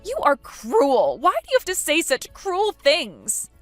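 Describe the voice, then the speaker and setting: A woman voicing a young woman who is entitled and indignant, talking in a high, whiny, outraged tone. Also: wildly swooping pitch, a little slow, no room sound, soft background music, exaggerated voice.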